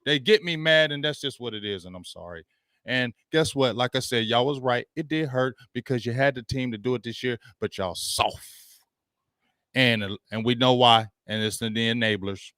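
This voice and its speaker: A man hosting a sports talk show, ranting about his team in slangy, animated talk and reading out viewer comments. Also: medium pitch, normal speed, clean tone, no room sound, clean studio sound.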